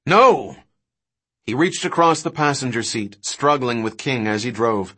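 A man narrating an audiobook in a steady, dramatic reading. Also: mid-range voice, moderate pace, slightly rough. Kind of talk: scripted narration.

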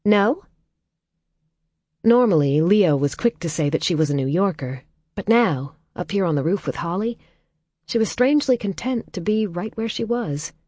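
A woman reading a novel aloud as audiobook narrator in a calm, measured way, dropping soft in tender passages. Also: fairly low pitch, no room sound, studio quality. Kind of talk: scripted narration.

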